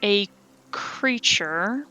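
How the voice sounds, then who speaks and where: A woman runs a tabletop game, her voice bright and clear. She chats along loosely, laughs often and counts up dice totals aloud. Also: mid-range voice, expressive, extremely slow, highs cut off, faint music behind. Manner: chatty, adds sums aloud, laughs often. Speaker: game master. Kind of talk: running a tabletop game over voice chat.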